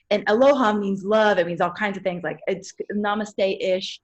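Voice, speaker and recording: A woman's voice: medium pitch, normal speed, hardly any pauses, muffled recording. Reflective woman podcast host. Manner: reflective, affirming, searching for words. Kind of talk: podcast conversation.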